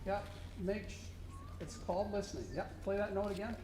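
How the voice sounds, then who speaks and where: High-voiced man coaching a band in an echoey hall. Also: steady tone, moderate pace. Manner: encouraging, coaching, sings rhythms aloud. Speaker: band contest judge giving a clinic. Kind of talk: instructional clinic to a student band. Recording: echoey room with faint noise.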